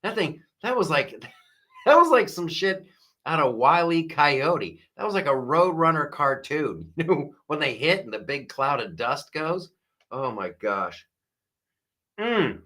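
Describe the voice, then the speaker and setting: Bright-voiced jokey male live-stream host. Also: a little high, unhurried. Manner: animated, jokey, mimics voices, laughs often. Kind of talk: live-stream commentary chat.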